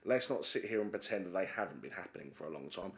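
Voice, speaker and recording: Hesitant low-voiced committee chair. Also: male voice, animated, fast. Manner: hesitant, repeats words, many fillers. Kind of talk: committee debate speech. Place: council chamber.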